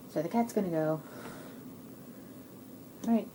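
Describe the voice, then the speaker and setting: A woman reading a children's picture book at bedtime, squeaking high voices for the animals and adding chatty asides to the kids. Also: unhurried, pauses often, dark tone, slight background noise. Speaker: children's story reader.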